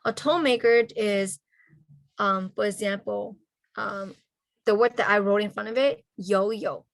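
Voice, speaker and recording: A woman's voice: medium pitch, gravelly, dry recording. Woman teaching over a video call. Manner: checks in with "okay?" after nearly every point; slow, careful spelling-out of letters and sounds. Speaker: Hmong language teacher. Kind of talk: online language lesson.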